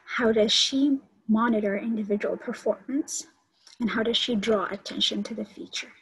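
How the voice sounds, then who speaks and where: A woman's voice: on the high side, moderate pace, breathy edge, rough recording. A woman college instructor giving an online lecture and explaining teaching steps to her students.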